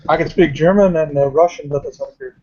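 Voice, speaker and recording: A man's voice: a little high, brisk, mellow, slight background noise. A man playing a tabletop game, chatting in a rambling, self-correcting way. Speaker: player. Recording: dull lo-fi recording.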